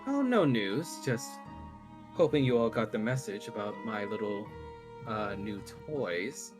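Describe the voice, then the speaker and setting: A smug vampire lord, as a man puts him on, cruel and theatrical. He speaks in a mocking, delighted tone that swings up high in places, over faint music. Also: expressive, measured pace.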